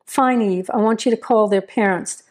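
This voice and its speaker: A steady male sheriff with firm, measured commands, as a woman reads him in a storybook. His talk is even and plain, with a mid-range pitch. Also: lightly acted. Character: stern, steady male small-town sheriff.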